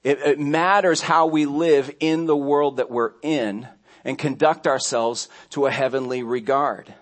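A man's voice: medium pitch, steady tone, unhurried. A man pastor delivering a sermon, telling stories conversationally, with restarts and asides along the way.

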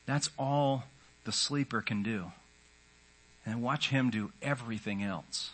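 A man's voice: medium pitch, a little slow, a bit bright. A man preaching a sermon in an earnest, conversational way, often voicing the inner thoughts of his listeners. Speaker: pastor.

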